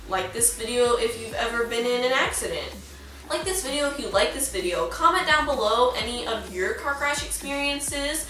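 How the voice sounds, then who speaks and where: Chatty young woman, bright echoey voice. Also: fairly high pitch. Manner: chatty, heavy use of "like", acts out quoted lines. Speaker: vlogger. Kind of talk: casual storytime vlog. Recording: very echoey room, distant mic, faint music.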